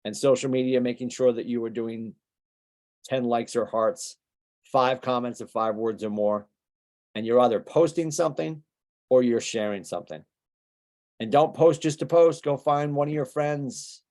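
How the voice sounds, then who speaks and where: A man's voice: medium pitch, a little mellow. A man coaching a room of agents in a motivational training talk, talking casually and firing off rhetorical questions. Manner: conversational, rapid-fire rhetorical questions. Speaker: business coach.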